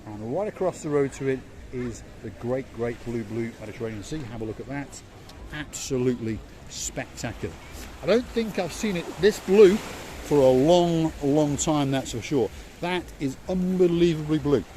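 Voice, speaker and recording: A man's voice: mid-range voice, animated, normal speed, dark tone. A man with a Yorkshire accent hosting a walking tour vlog along a seaside promenade, chatty and fond of repeating words for emphasis. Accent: Yorkshire English. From England. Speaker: vlog host. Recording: outdoor street noise.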